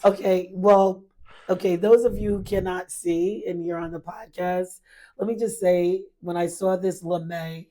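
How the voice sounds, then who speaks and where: A woman's voice: lowish voice, steady tone, a little slow, dark tone. A woman co-hosting a podcast in casual chat, laughing often through playful banter. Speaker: podcast co-host.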